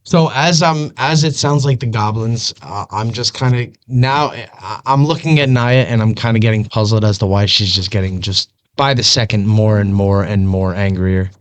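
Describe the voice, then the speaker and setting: Low-voiced relaxed player. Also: male voice, normal speed, hardly any pauses. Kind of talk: casual tabletop play.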